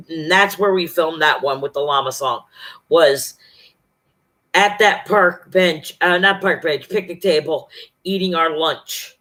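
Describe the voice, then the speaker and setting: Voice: mid-range voice, a bit bright. A vlogger telling a personal story in a casual, profane, emphatic monologue, acting out the other people's lines.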